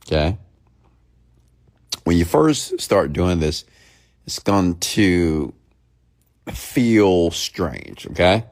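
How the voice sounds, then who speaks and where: A low-pitched man speaks at a very slow, measured pace. He weighs every word as he coaches an online audience and keeps checking that they follow. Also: sing-song, darkish tone. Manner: slow, deliberate speech with long pauses, often checking in with the audience; mimics fast rambling talk to show the contrast. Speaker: motivational speaker on a live stream. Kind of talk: live-stream coaching talk.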